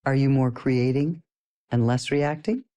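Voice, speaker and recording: A middle-aged woman talks listeners through a personal growth lesson in a casual, animated voice. She keeps it playful and light and laughs often as she goes. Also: extremely low pitch, unhurried. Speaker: personal development course teacher.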